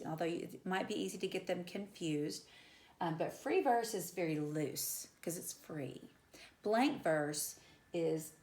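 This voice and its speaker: Woman teacher lecturing in an echoey classroom. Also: low-pitched. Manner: conversational, with fillers and repeated example words. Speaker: English teacher. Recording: echoey room.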